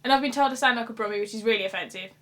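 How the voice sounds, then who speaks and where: A woman's voice: on the high side, rapid-fire, a little hiss or hum. A young woman with a Black Country accent chatting casually and animatedly in an interview. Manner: chatty, animated, laughs while talking. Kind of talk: casual chat.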